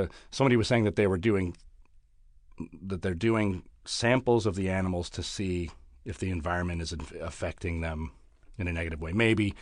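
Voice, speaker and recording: A man with a low voice talks through ideas casually on a podcast, halting and restarting as he goes. The sound is dry and close, with no room around it. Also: no echo. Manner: rambling, halting explanations with restarts. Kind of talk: casual chat.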